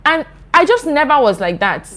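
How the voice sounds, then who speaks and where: A woman's voice: sits high, very animated, normal speed, pushed and bright. A young woman from Nigeria, hosting her channel, reading out viewer comments and answering them in an earnest, impassioned, chatty way. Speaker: YouTuber host.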